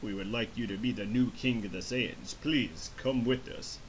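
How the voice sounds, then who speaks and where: A man putting on the voice of a shady scheming older warlord, quiet and falsely sincere. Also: medium pitch, moderate pace, slight background noise, pitched below the performer's own voice, lightly acted, low-quality recording. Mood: sly. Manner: smooth, quiet, oily mock sincerity.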